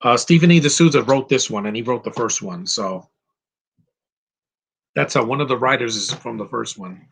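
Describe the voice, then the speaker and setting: Talking over a film at normal speed, this male commentary host has a medium-pitched, gravelly, husky voice with a fairly bright tone and long pauses. His live commentary is casual, opinionated and rambling, full of fillers and restarted sentences.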